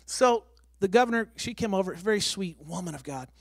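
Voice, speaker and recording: A man's voice: high voice, fairly quick, no room sound. A man, a missionary and former pastor, giving an emphatic and emotional testimony in church, close to tears. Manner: excitable, emphatic, breaking toward tears. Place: church sanctuary.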